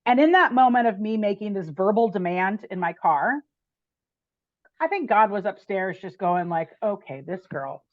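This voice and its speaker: A woman guest on a podcast telling a personal story in an animated, chatty way, with frequent "like" and "right?". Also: medium pitch, moderate pace, dry recording, dull audio.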